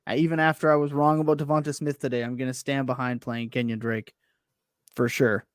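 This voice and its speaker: A man's voice: medium pitch, level tone, a little fast, dry recording, clean studio sound. A man co-hosting a casual sports podcast, rambling and correcting himself with enthusiasm. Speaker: podcast co-host.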